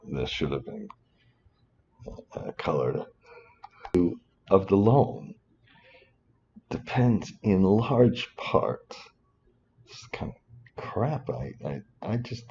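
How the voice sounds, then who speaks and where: A man's voice: extremely low pitch, creaky, warm tone, muffled recording, a little hiss or hum. A man teaching finance over a spreadsheet in a rambling way, breaking off into muttered asides and apologies. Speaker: finance instructor. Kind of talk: screen-recorded spreadsheet tutorial.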